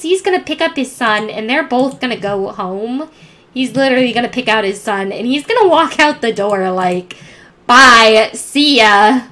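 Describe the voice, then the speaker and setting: A woman's voice: a little high, fairly bright tone. A woman narrating her life-simulation game play in a chatty way, thinking aloud with many restarts. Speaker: gameplay narrator. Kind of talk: let's play commentary.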